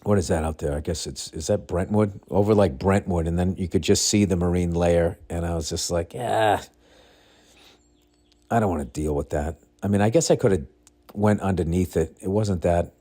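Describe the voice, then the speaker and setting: A man hosting a podcast, telling a loose, profane story in a blunt, excitable way. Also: low-pitched, moderate pace. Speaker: podcast host. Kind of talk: casual rambling monologue.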